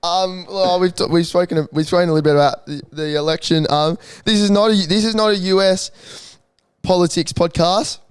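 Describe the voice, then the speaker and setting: A young man chats loosely as podcast co-host, his voice a touch high and recorded dry and close. He laughs and swears through the banter. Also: steady tone, brisk, smooth, no room sound. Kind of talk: casual chat.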